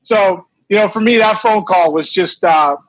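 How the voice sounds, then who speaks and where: High-voiced man telling a story. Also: moderate pace, dry recording, lo-fi sound. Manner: animated, emotional retelling with many restarts. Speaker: guest, former baseball player. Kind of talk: storytelling in an interview.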